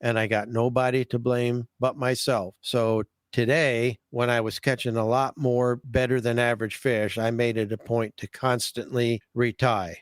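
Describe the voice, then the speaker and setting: A man's voice: mid-range voice, level tone, moderate pace, few pauses, clean tone, no room sound, studio quality. A man hosting a fishing podcast, talking in a folksy, enthusiastic way and often repeating his words. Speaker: podcast host, fishing guide. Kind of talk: casual podcast chat.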